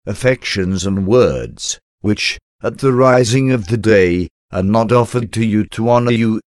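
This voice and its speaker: A man giving a slow, solemn, reverent devotional prayer reading. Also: lowish voice, a little mellow, dry recording, studio quality. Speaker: devotional reader.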